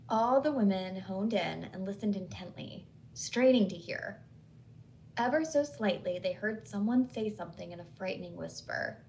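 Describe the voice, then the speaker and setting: A woman's voice: mid-range voice, animated, moderate pace, creaky, darkish tone, a little hiss or hum, rough recording. Woman narrating a ghost story. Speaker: host and storyteller. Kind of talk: scripted horror story narration.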